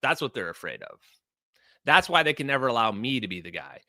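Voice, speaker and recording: A man's voice: medium pitch, sing-song, a little fast, bright, forceful tone, dry recording. A man hosting a livestream, delivering heated, emphatic commentary full of rhetorical questions. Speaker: livestream host.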